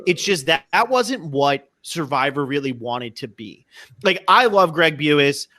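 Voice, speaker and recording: Bright, dry-sounding podcast host. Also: male voice, on the high side, lively intonation, a little slow, no echo. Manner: enthusiastic, repeats words as he starts sentences. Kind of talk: casual podcast chat.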